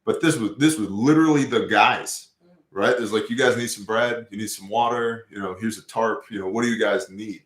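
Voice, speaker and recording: Host, male, lowish voice, casual and profane storyteller, roomy echo. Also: fairly quick. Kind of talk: casual scripture discussion.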